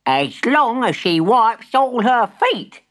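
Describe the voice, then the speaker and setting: A woman voicing a bossy old granny with a cold, shrill and snappish. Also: very animated. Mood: pleased. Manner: shrill, snappish, drawn-out shrieks. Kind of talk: storybook voice acting.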